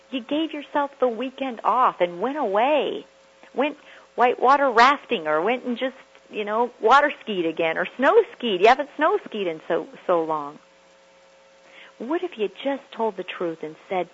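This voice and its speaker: A woman's voice: mid-range voice, lively intonation, a little slow, highs cut off, a little hiss or hum. A woman hosting a self-help radio talk, speaking emphatically and repeating phrases for effect. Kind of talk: motivational talk.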